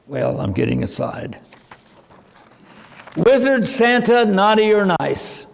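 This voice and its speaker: A man teaching a religious seminar in a slow, preacherly manner. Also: high voice, creaky, in a large hall.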